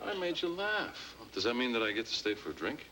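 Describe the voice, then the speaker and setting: An actor playing a charming, flirtatious gentleman suitor who talks in a smooth, easy way. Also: mid-range voice, big pitch swings, fairly quick, natural voice. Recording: hissy old TV broadcast recording.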